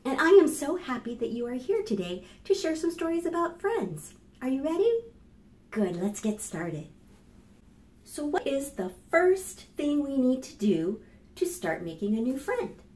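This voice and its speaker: A woman reading aloud at a children's storytime, her fairly high voice bouncing up and down in a sing-song way as she talks right to the little ones. She takes her time over each phrase, and the sound carries a roomy echo. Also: a little slow. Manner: animated, sing-song, speaks directly to young children. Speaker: children's librarian.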